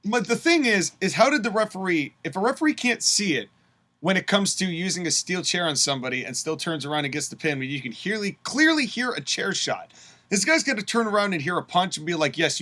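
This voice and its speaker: A man co-hosting a podcast in casual chat, opinionated and animated when he retells events. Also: sits high, brisk. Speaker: podcast co-host.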